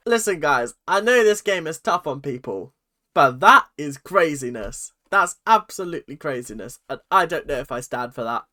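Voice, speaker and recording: A man's voice: fairly high pitch, lively intonation, moderate pace, pushed and bright. A man hosting a reaction video, chatting casually and exaggerating with mock voices.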